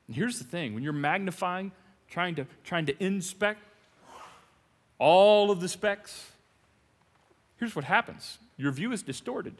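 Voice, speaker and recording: A man preaching a sermon as pastor, animated and jokey, with sudden loud emphasis. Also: high-pitched, a little slow, long pauses, long reverb tail. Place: large church hall.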